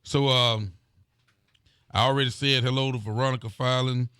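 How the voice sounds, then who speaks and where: A man's voice: medium pitch, steady tone, normal speed, fairly bright tone, clear, resonant tone, dry recording, studio quality. A man, a sheriff hosting a local live talk show, chatting casually and greeting viewers by name. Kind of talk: casual live-stream chat reading viewer comments.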